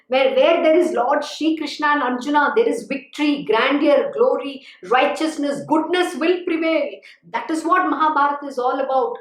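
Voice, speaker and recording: A woman spiritual teacher giving a devotional discourse, earnest and exhorting, often saying "you know". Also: high-pitched. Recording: echoey room.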